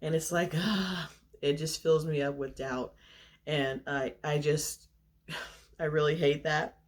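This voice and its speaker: A woman's voice: low-pitched, steady tone, slow pace. Young woman vlogger, casual to-camera chat, open and chatty, slightly out of breath, laughs a lot. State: short of breath.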